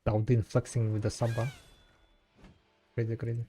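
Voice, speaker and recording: A man streams a game live and chats casually, answering his viewers' messages between bits of play. His mid-range voice is dark in tone and monotone, at a normal speed.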